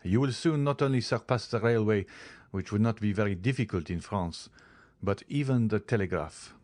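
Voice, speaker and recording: A man voicing an eager, earnest young nobleman in an audiobook, speaking in an earnest, warm-hearted way. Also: lowish voice, normal speed, no echo, lightly acted. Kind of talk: audiobook character reading.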